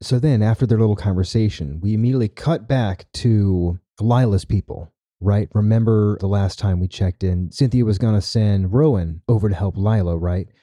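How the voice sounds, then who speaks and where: A man's voice: fairly low pitch, moderate pace, few pauses, dark tone, no room sound. A man hosting a podcast, retelling a story in casual chat with many "right?" asides. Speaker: podcast host.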